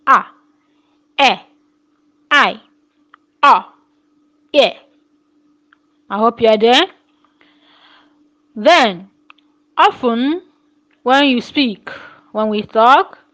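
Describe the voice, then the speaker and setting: A woman teaching a phonetics lesson, repeating words slowly and asking rhetorical questions. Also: a little high, low-quality recording. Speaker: English teacher.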